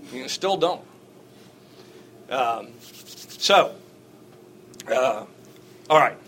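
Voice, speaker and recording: A middle-aged man leads a church class in a loose, folksy way, full of "uh"s and restarts. He chuckles often and slips into wry, emphatic asides, and his voice sits at an ordinary pitch. A faint hiss of noise runs behind him. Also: expressive, extremely slow, a bit bright, low-quality recording. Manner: rambling and folksy, with many fillers and restarts. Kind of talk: informal teaching talk to a class.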